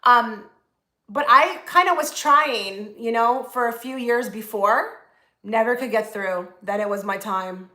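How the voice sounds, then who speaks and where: A woman's voice: a little high, a little slow, bright, forceful tone, echoey room. A woman chatting casually on a live stream, rambling with many fillers and restarts. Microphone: phone.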